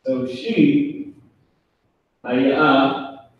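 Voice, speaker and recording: A man's voice: mid-range voice, little pitch movement, extremely slow, distant mic, highs cut off. Casual man teaching in an echoey room. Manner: casual, conversational, acts out family scenarios in character voices. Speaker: Hebrew language teacher. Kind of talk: casual live online class.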